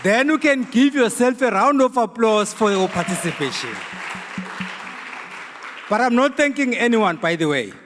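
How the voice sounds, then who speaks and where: A man's voice: extremely high pitch, animated, moderate pace, pauses often, over music. A South African man emceeing a public dialogue, joking with the audience and hesitating with uhs. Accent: South African English. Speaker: programme director. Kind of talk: event emcee patter. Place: venue hall with audience. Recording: hall reverb with crowd noise.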